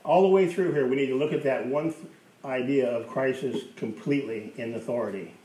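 A man's voice: mid-range voice, brisk, dark tone. A man preaching a sermon as pastor, emphatic, repeating key phrases for effect. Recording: roomy, distant mic with faint hiss.

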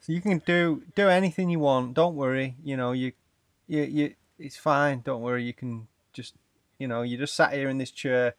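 A man's voice: mid-range voice, steady tone, normal speed, no room sound, close to an everyday voice. A man, playing an awkward young male student who stumbles over his words. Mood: reassuring.

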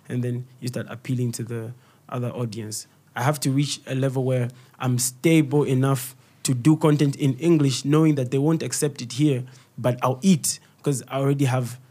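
A young Zambian man speaking with a Zambian accent in a relaxed podcast conversation. His delivery is lively storytelling, and his pitch sits in the middle for a man. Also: slightly rough. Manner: animated storytelling, switches into local language for quoted voices. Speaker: guest comedian and content creator. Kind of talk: casual interview talk.

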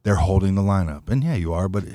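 A man in casual podcast chat, telling a story with lively quoted dialogue and plenty of swearing. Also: low-pitched, fast, no room sound, studio quality. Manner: animated storytelling, acts out quotes, swears freely.

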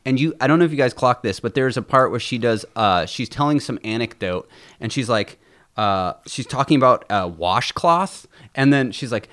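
Man, podcast co-host, lively swooping voice, acts out quotes, laughs a lot. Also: medium pitch, normal speed. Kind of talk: casual chat recapping a show.

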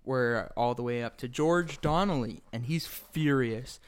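A man co-hosting a casual podcast recap, chatty and quick to laugh. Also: mid-range voice, smooth. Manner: chatty, laughs often, acts out lines. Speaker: podcast co-host. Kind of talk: casual chat recapping an episode.

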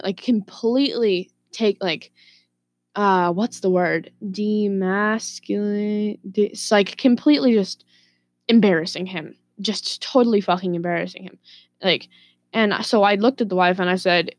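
A woman vlogger casually telling a story to camera, profane and animated, with laughing asides. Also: mid-range voice, unhurried, no echo.

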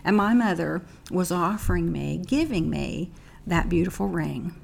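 A middle-aged woman teaching from the Bible and telling a personal story in earnest, slowing down to stress key points. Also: fairly low pitch, lively intonation, gravelly, darkish tone, a little hiss or hum.

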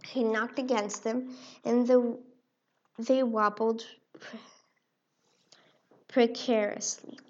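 A woman narrating a children's storybook in an expressive read-aloud way. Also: fairly high pitch, takes it slowly, long pauses. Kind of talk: storybook reading. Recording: dull lo-fi recording.

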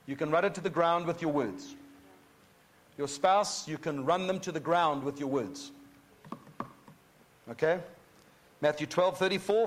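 A man teaching a Bible sermon in a conversational way, checking in with his listeners and reading scripture slowly. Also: a little high. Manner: conversational, often checking in with 'okay?'; reads scripture slowly and deliberately. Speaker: pastor.

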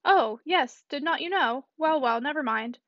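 A woman voicing an earnest, secretive middle-aged gentleman who keeps his voice hushed and evasive, in a storybook reading. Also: high-pitched, expressive, normal speed, no echo, dull audio. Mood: guarded.

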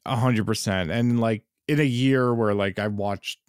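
A man's voice: lowish voice, a little slow, clear, resonant tone, dry recording, studio quality. A man co-hosting a film podcast, chatting casually, swearing freely and restarting his sentences as he rambles. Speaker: podcast co-host.

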